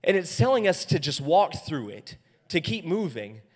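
A man preaching as pastor in a church, animated and acting out quoted voices, often soft and then loud. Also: on the high side, normal speed. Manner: animated, acts out quoted voices with big swings in loudness. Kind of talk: sermon. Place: church auditorium. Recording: long hall reverb.

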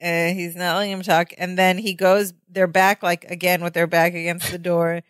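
A woman co-hosting a podcast, retelling a sitcom scene in casual chat, full of "like" and quick restarts. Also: on the low side, little pitch movement, no room sound, clean studio sound. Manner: chatty, lots of "like" and "yeah", restarts while retelling. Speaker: podcast co-host.

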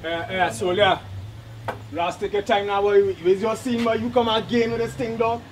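A confrontational Trinidadian lookout, played by a man warns off intruders in a very high voice, with faint noise behind him. He sounds a little distant from the mic. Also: flat delivery, moderate pace, lightly acted. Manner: warning, confrontational. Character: man guarding a business spot, warning intruders.

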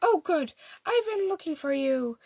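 Storybook wolf, male, kind and hopeful, high and lively, read by a woman. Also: unhurried, creaky, no echo, full character voice. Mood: polite. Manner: polite, eager.

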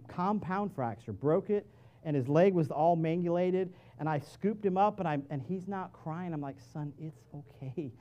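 A middle-aged male pastor giving a conversational sermon in a church, moving between quiet asides and loud, emphatic peaks. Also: high-pitched, lo-fi sound. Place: church sanctuary.

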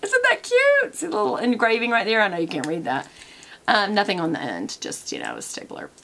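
A woman's voice: medium pitch, wildly swooping pitch, fast talker, creaky, fairly bright tone. A woman, talking casually to camera from her desk as a product vlogger, chatty and wandering off on tangents.

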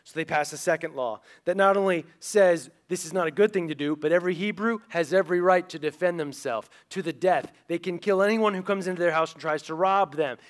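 A male pastor tells a story from the pulpit with a fairly high voice. He is animated and casual, slipping into the voices of the people in the story. His sermon rolls along in storytelling mode. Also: fairly quick, hardly any pauses. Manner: animated, acts out quoted characters.

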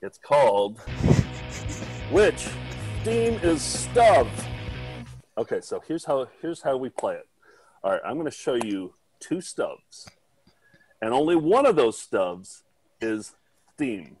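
A man co-hosting a comedy video podcast in casual chat, with jokey, self-mocking, deadpan patter. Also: mid-range voice, measured pace, over music, rough recording. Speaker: podcast co-host.

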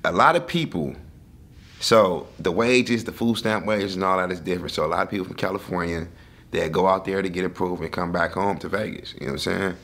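A man hosting a podcast in casual chat, blunt and quick to laugh as he reacts to his guest. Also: sits low, a bit bright. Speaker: podcast host.

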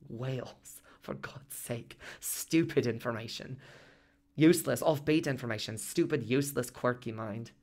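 A man's voice: mid-range voice, a little slow, a little mellow, lightly acted. A man narrating a radio drama monologue as its main character, reflective and self-reproaching.

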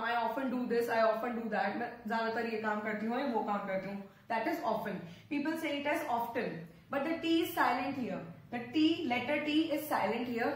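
Woman teaching, echoey and distant. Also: on the high side. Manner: repeats words slowly, mixes Hindi explanations. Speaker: English teacher, channel host. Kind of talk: pronunciation lesson. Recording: very echoey room, far from mic.

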